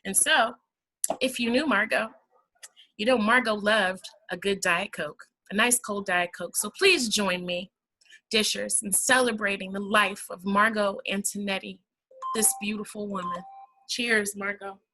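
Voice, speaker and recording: A woman's voice: medium pitch, fairly even intonation, unhurried, bright, forceful tone, low-quality recording. A woman hosting a virtual fundraiser over a video call, talking in a casual, heartfelt way and calling the audience y'all. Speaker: event host for a housing nonprofit.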